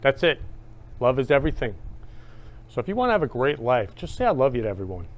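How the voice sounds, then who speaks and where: A man hosting his own show, talking in an eager, gushing monologue that swings up loud on key phrases. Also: medium pitch, very animated, quick pace. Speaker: host. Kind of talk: enthusiastic casual monologue.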